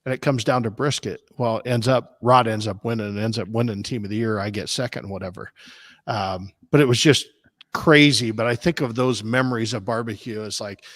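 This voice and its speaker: A man's voice: lowish voice, brisk, no echo, clean studio sound. A man from Des Moines, a barbecue competition cook, telling long rambling stories on a casual podcast. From Des Moines, Iowa, US. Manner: rambling, animated anecdotes with restarts.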